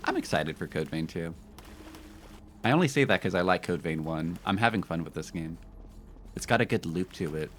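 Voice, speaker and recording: A man with a low voice chats casually while streaming a game, spinning rambling, laid-back stories packed with fillers and laughter. He's animated at a normal speed but leaves long pauses, and there's a little hiss or hum.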